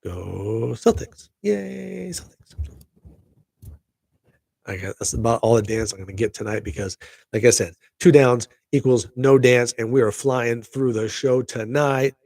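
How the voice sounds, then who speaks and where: A man's voice: medium pitch, steady tone, normal speed, a little mellow, no echo. A middle-aged man hosting a casual live podcast stream, rambling upbeat to his viewers. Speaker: podcast host.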